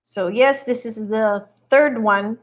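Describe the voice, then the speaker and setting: Speaking slowly in a fairly high voice, this woman hosts a casual live stream as a real estate agent. She gushes over a home listing while guiding viewers through it and greets them as they join.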